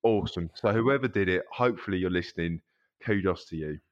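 A man co-hosting a casual football podcast, talking in a halting way with many ums. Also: low voice. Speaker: podcast co-host. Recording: dull lo-fi sound.

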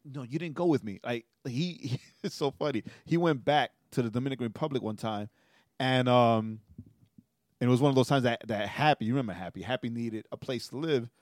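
A man co-hosting a podcast and chatting casually in a middle-pitched voice. He tells his stories at length and keeps checking in with a quick "right?". The sound is dry and close to the mic, with no room around it. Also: no room sound. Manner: storytelling, tags nearly every sentence with "right?". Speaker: podcast co-host. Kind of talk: casual chat.

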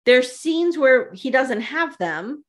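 A woman co-hosting a casual recap podcast, animated and gossipy, retelling scenes with quoted asides and laughter. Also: sits high, slow. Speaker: podcast co-host.

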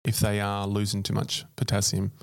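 A man's voice: lowish voice, monotone, normal speed, gravelly. A man co-hosting an educational podcast, dry and matter-of-fact, dropping in short remarks during casual chat. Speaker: podcast co-host.

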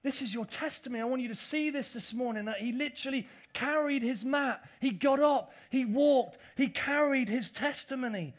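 A man preaching a sermon as pastor, animated and acting out the voices of critics. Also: extremely high pitch, moderate pace, few pauses.

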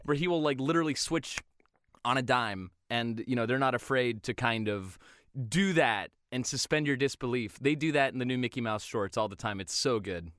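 A young man chatting casually on a podcast about cartoons, animated and quick to break into loud impressions. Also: medium pitch, no echo.

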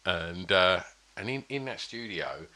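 A man's voice: low-pitched, animated, unhurried, pushed and bright. A man telling a rambling anecdote in casual podcast chat, full of fillers and restarts. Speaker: podcast guest.

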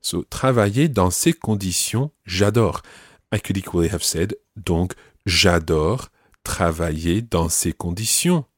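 A man teaching French phrases in a calm studio voice, repeating each phrase slowly and clearly. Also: sits low, no echo. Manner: slow careful repetition of phrases. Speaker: language teacher.

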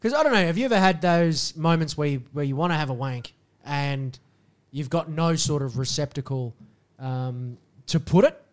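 A man co-hosting a podcast, slightly hoarse, in loud, animated, swearing banter. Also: fairly high pitch, normal speed. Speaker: podcast co-host. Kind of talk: casual chat.

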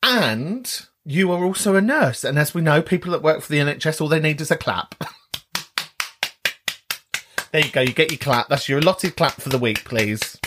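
A man's voice: fairly high pitch, animated, moderate pace, fairly bright tone, slightly rough. A man in his thirties hosting a podcast, chatting casually and responding to callers in a camp, jokey way with frequent giggles. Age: 30s. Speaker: podcast host.

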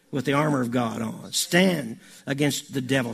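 A man's voice: medium pitch, moderate pace, gravelly, few pauses, a bit bright, slightly rough. A male pastor giving a sermon in a folksy, conversational way, building to emphatic, repeated commands.

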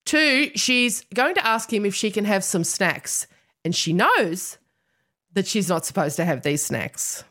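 A woman's voice: medium pitch, expressive, a little slow, sharp tone. An Australian woman hosting a podcast, telling stories animatedly with laughter and some swearing. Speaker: podcast host. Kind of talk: casual chat.

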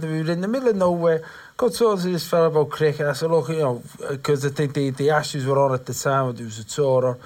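A male host in a casual chat, chatty, prompting his guest with questions and telling his own stories. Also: high voice.

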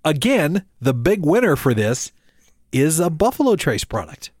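A man's voice: a little high, sing-song, a little slow, a little mellow, no echo, studio quality. A man co-hosting a casual podcast chat. He laughs often and trails off with fillers. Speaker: podcast co-host.

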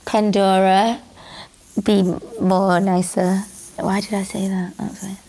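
A woman's voice: mid-range voice, flat delivery, slow pace, gravelly, warm tone. A woman co-hosting a podcast, chatting casually and giggling a lot while reading out listener letters. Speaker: podcast co-host. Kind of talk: casual chat.

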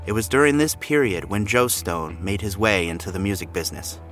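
Man, podcast host, scripted narration, low voice, faint music behind. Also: animated, a little fast, a bit bright.

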